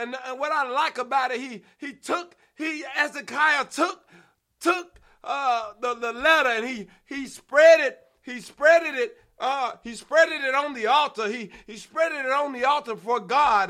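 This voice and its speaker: A man preaching an impassioned sermon, repeating refrains, often shouting, and stumbling over restarts. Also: very high voice, lively intonation, a little slow.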